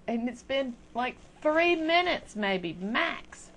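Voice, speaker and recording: A woman's voice: fairly high pitch, very animated, takes it slowly, a bit bright. An older woman ranting casually into a webcam at home, chatty, exasperated and self-mocking. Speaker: video blogger. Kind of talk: casual rant to camera.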